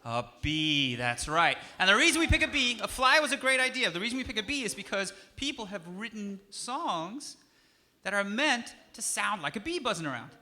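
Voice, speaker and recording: Guy teaching kids music onstage, playful, bright voice, kinda high. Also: normal speed. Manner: playful, animated, coaxing a young audience. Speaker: music educator. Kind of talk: teaching children at a concert. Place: concert stage.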